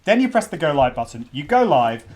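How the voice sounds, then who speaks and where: A middle-aged podcast host runs a live stream launch party in casual livestream talk, his voice on the high side, sing-song, darkish and a little fast. He's chatty, restarts often and gets interrupted by kids.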